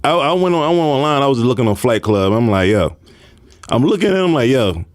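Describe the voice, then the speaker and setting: Animated, laughing man in casual chat. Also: medium pitch, quick pace. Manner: laughs a lot, animated storytelling with voiced quotes. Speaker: podcast co-host.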